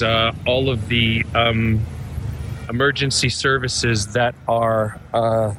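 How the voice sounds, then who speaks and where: A man filmed outdoors on a city street, describing a scene as an eyewitness with many pauses. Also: mid-range voice, fairly bright tone. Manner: hesitant, shaken, describing the scene. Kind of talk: on-the-spot eyewitness video. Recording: street recording with traffic noise. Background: faint traffic and street sounds.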